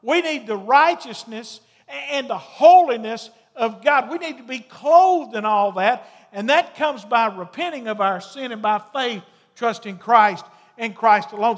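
A male pastor delivers a sermon in a high, unhurried voice. His words ring with long reverb through a church sanctuary. He swings from sharp, loud mocking voices into soft, low asides. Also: animated.

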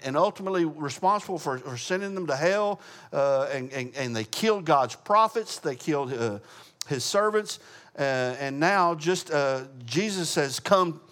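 A man teaching a Bible study in a relaxed, conversational way, asking the group questions as he goes. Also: a little high. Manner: casual, asks the group questions, frequent uh fillers.

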